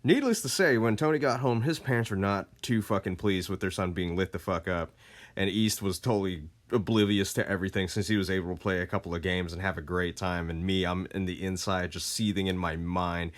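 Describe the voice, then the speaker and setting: A man casually telling a story, laid-back and expressive, with plenty of swearing. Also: deep voice, fairly quick.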